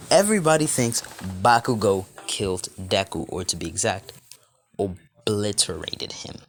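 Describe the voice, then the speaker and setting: A man's voice: fairly low pitch, lively intonation, slow pace, long pauses, slight background noise. Rambling young man telling a fan story. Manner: rambling, restarts sentences with "as". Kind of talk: improvised fan story narration.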